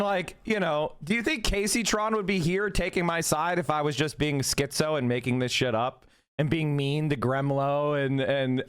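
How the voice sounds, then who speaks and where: High-voiced heated male streamer. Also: fairly bright tone, smooth. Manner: heated, emphatic, repeats himself for force; profane. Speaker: livestreamer. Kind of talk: livestream commentary, reacting to chat.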